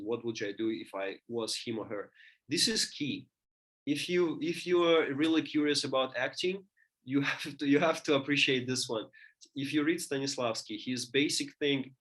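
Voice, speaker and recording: Man lecturing, halting and thoughtful. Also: mid-range voice, a bit bright. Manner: thinking aloud, many restarts and fillers. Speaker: teacher.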